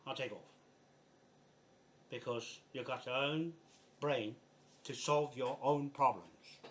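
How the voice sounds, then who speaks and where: A man's voice: medium pitch, takes it slowly, long pauses, fairly bright tone. An older man with a New Zealand accent, speaking bluntly and with exasperation in a frustrated, swearing video message. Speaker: land rights activist.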